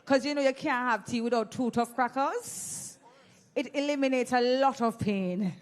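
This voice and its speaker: Jamaican woman MC, high voice, teasing crowd-work host on a handheld mic. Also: moderate pace. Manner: playful, teasing, exclamatory. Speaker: event host. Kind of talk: lively audience giveaway hosting. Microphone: handheld microphone.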